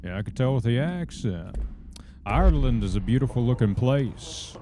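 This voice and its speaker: A man's voice: medium pitch, lively intonation, moderate pace, background noise. A man with a Southern US accent giving folksy, drawling live commentary while streaming a game. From southern United States.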